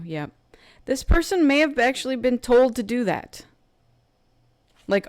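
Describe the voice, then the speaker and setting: A woman's voice: on the high side, big pitch swings, a little slow, long pauses, darkish tone, dry recording. A woman giving a casual tarot love reading in a chatty way, full of fillers and often acting out what other people think. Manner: chatty, filler-heavy, slips into acting out quoted thoughts. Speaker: tarot card reader.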